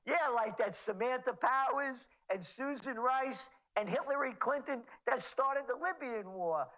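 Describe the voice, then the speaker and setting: A man's voice: very high-pitched, lively intonation, a little slow, few pauses, bright, forceful tone, poor audio. A man being interviewed as a trends forecaster, talking in a sarcastic, mocking way. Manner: sarcastic, mocking, rattling off names. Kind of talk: interview commentary.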